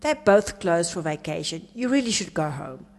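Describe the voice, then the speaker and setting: A woman's voice: fairly low pitch, sing-song, normal speed, big-room sound. A woman voicing a small, sad male stray puppy, the runt of the litter, speaking in a subdued, wistful way.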